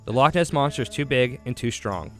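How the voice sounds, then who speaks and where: A man's voice: medium pitch, fairly quick. A young man narrating his own food challenge in a dramatic, grandiose documentary style. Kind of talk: mock-epic documentary narration.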